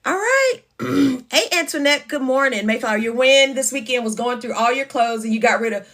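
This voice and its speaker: Lady chatting on a morning live stream, kinda high voice, lots of honey and baby, jumps way up when she gets excited. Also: fairly quick. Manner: chatty, greets viewers by name, uses Southern endearments like baby and honey; lively, swings up high in exclamations. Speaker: livestream host. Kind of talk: casual morning livestream chat.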